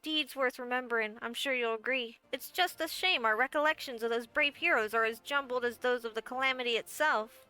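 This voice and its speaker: Momodi, a brassy tiny guildmaster. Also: female voice, a little high, fairly quick, sharp tone, clean tone. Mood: wry. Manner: wry, folksy storyteller. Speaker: game character. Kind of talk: game voice acting.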